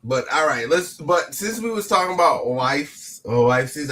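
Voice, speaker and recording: A man's voice: mid-range voice, moderate pace, hardly any pauses, bright, forceful tone. A man hosting a podcast, rambling and repeating himself in casual chat. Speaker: podcast host.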